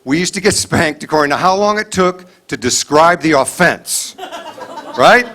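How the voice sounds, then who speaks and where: A middle-aged man performs a stand-up set before a live crowd. His voice sits a little high for a man, and he is lively and animated. He slips into quick quoted voices of scolding parents. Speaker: stand-up comedian. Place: stage before a live audience.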